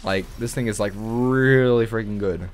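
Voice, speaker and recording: A young man giving casual gameplay commentary, excitable and swearing, with sudden loud outbursts. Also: fairly low pitch, normal speed, slight background noise. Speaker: gaming channel host.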